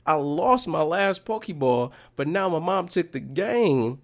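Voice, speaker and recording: A man telling a personal childhood story to viewers in a casual, slangy, animated way, drawing a life lesson from it. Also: on the high side, measured pace. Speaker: motivational speaker.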